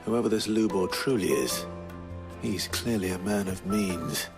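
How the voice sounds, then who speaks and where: A grim, low-voiced swordsman. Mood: steady. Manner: measured, formal, clipped. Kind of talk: video game voice acting. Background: game soundtrack music.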